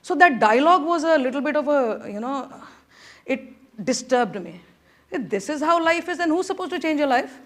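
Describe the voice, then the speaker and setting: Middle-aged woman, high voice, motivational conference talk, keeps coaxing the crowd. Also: normal speed. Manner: animated, coaxing the audience with repeated urging. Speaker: conference speaker. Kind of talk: motivational speech. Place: conference room.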